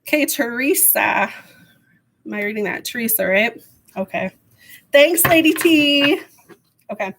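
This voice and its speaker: A woman giving a live tarot reading to viewers, rambling and hesitant with many fillers, her voice going hoarse with frequent throat clearing. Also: fairly high pitch, lively intonation, a little slow, pauses often, a bit bright. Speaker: tarot reader.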